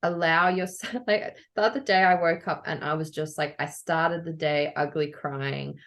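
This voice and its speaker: Woman co-host, low-pitched, playful and giggly on a remote call. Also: fairly even intonation, moderate pace, a bit bright. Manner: laughing, chatty, playful. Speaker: podcast co-host. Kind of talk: casual chat. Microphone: video call.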